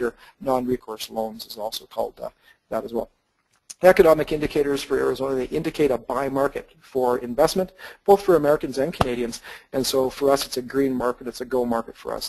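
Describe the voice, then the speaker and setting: A man walks listeners through market slides in an easygoing, explanatory manner, often pausing on fillers and restarting phrases. His voice has a gravelly edge at a middle pitch. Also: rough recording. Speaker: real estate investment presenter. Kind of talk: webinar slide presentation.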